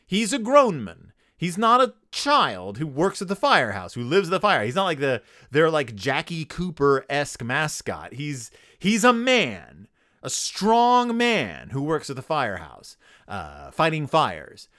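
A man's voice: a little high, huge pitch swings, unhurried, pushed and bright, no room sound, studio quality. A man hosting a comedy podcast, sarcastically recapping a children's book and riffing on it. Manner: sarcastic, riffing, acts out characters. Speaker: podcast host.

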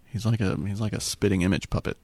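A man co-hosting a podcast movie commentary, playful and quick with jokes. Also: on the low side, fairly even intonation, vocal fry, a little mellow, dry recording. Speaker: podcast co-host. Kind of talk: casual movie commentary chat.

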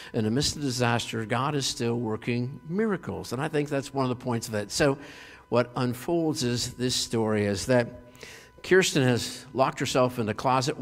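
Male pastor, animated storyteller, recorded in a hall with long reverb. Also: medium pitch. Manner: animated storytelling with frequent fillers and laughs. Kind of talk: sermon retelling a TV episode.

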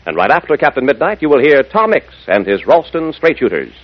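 Man as a 1940s radio announcer, folksy and upbeat, husky, lively pitch, muffled old broadcast. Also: fairly quick. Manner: folksy, upbeat, addresses listeners as gang.

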